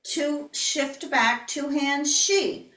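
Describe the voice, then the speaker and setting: A woman instructor giving calm, breathy step-by-step movement cues in an online class. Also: on the high side, slow. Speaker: yoga and tai chi instructor. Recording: roomy, distant online-class audio.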